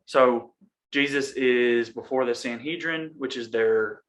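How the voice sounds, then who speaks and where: Bright-voiced young man reading scripture. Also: medium pitch, slow pace, a little hiss or hum. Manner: joking, reads scripture aloud between banter. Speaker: podcast co-host. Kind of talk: casual Bible study chat.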